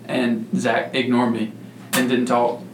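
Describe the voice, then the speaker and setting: A man's voice: mid-range voice, flat delivery, slow. A man co-hosting a casual podcast, telling a story in a laid-back way with stammering restarts. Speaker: podcast co-host. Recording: echoey room with faint hum.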